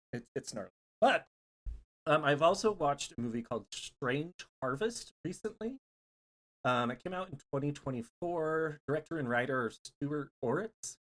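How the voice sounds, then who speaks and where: A man co-hosting a horror podcast, chatting casually and bluntly, laughing often. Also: medium pitch. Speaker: podcast co-host. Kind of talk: casual chat.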